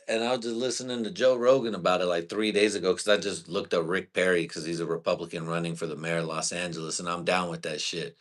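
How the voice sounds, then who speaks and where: A man's voice: low-pitched, fairly even intonation, fast talker, hardly any pauses, fairly bright tone. A man hosting his own live stream, rambling through profane comedy bits and trailing off into "you know?". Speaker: host.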